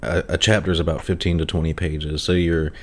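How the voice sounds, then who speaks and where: A man hosting a casual interview, relaxed and quick to laugh. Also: deep voice. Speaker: podcast host.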